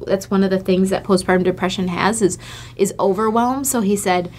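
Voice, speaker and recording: A woman's voice: medium pitch, fairly even intonation, brisk, darkish tone. A woman from Michigan, co-hosting a casual chat with her husband, telling a personal story in a candid, heartfelt way. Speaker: co-host, host's wife.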